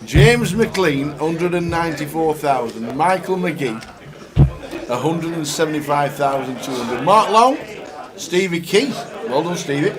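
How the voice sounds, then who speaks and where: A man's voice: a little high, lively intonation, measured pace. Upbeat guy doing poker commentary, chip counts and banter, busy crowd noise behind. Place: poker tournament room.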